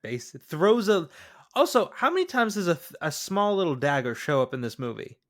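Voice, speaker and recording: A man co-hosting a podcast, excitedly talking through movie scenes, often tripping over and repeating his words. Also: fairly high pitch, brisk. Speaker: podcast co-host. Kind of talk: casual movie recap chat.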